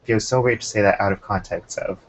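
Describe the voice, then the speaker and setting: A young man hosting a casual chat, relaxed and talkative, keeping an eye on the time. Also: lowish voice, fairly quick, very noisy. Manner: relaxed, chatty, keeps time. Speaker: podcast host. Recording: muffled lo-fi recording.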